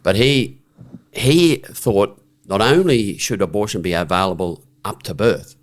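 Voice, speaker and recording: In a lowish voice that runs a little slow, a middle-aged Australian man tells a story on a podcast where he's a guest. He's frank and blunt, restarts sentences, and habitually asks "right?" in this conversational account.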